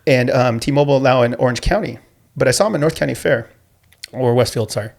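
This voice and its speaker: A man's voice: mid-range voice, fast, creaky, a little mellow. A middle-aged man, a teacher and coach, telling stories in an interview in an earnest, modest way with many restarts. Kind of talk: conversational interview storytelling.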